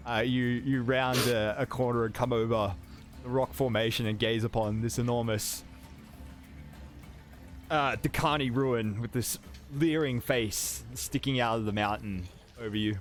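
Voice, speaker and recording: A man narrating as game master, with animated delivery and sound effects. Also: mid-range voice, a little slow, faint music behind.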